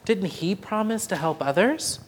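A kind old grandfather baker from a storybook, as a storyteller voices him. He talks slowly with a lively, rising and falling voice, booming at first and then gentle. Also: breathy edge. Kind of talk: storybook reading.

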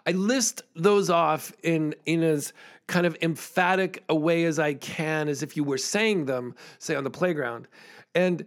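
A man's voice: on the high side, unhurried. A man hosting a podcast, telling stories in an earnest, chatty way, laughing often and restarting phrases. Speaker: podcast host and school songwriting performer. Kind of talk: storytelling monologue.

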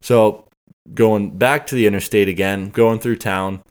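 A man with a fairly low voice tells a long story in casual podcast chat. He rambles along and acts out each exchange he remembers, speaking into a podcast microphone. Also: fairly even intonation, unhurried. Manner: rambling, acts out quoted dialogue.

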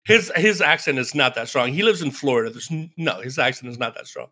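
A man's voice: mid-range voice, animated, brisk, pushed and bright. A man co-hosting a casual gaming podcast, reading update notes aloud and joking around with a playful manner. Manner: playful, joking, laughs often. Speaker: podcast co-host.

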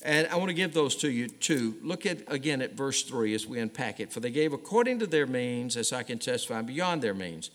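A medium-pitched, fairly bright male voice with big pitch swings rushes along fairly quickly with hardly any pauses. He is a pastor preaching emphatically to his congregation in a church sanctuary, echoing with the long reverb of a large hall.

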